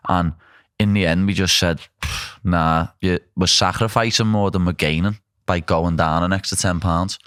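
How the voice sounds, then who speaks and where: A man's voice: deep voice, a bit bright, clean tone, dry recording, studio quality. A young man with a Liverpool accent hosting a casual chat, blunt and self-deprecating. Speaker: podcast host.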